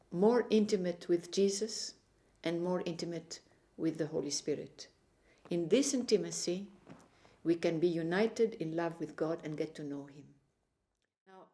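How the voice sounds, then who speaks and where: A woman's voice: on the low side, warm tone. A middle-aged woman giving an earnest personal testimony about her religious mission, recounting conversations in short phrases. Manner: earnest, recounting inner dialogue with pauses.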